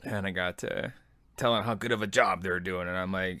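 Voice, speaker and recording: A man's voice: sits low, steady tone, a little fast, pushed and bright, dry recording. A man in his thirties telling personal army stories in a laid-back, self-deprecating, rambling way. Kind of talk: personal storytelling.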